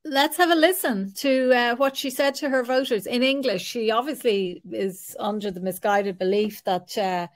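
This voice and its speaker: A woman's voice: fairly high pitch, moderate pace, hardly any pauses. A woman co-hosting a casual chat who speaks hesitantly with fillers. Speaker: co-host.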